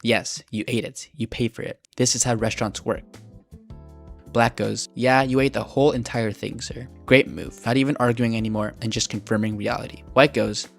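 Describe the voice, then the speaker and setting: A man's voice: mid-range voice, steady tone, moderate pace, creaky, faint music behind. A man reading scripted, sarcastic mock chess commentary on online arguments. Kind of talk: scripted narration.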